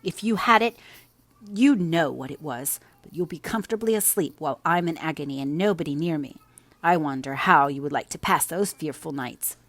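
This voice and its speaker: A woman's voice: sits low, normal speed, no echo. A woman reading aloud, voicing a sickly, peevish teenage boy who whines with self-pity. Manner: whiny, self-pitying.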